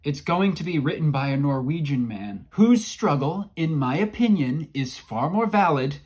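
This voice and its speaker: Male book vlogger, slightly high voice, excitable and jokey, casual delivery. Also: moderate pace. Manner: enthusiastic, jokey, hyperbolic. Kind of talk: casual book review vlog.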